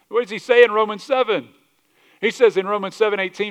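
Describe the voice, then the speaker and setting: A male pastor preaching a sermon, animated, asking rhetorical questions and often restarting his words. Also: high-pitched, a little fast. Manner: animated, rhetorical questions, acts out quoted voices; repeats words and restarts mid-sentence.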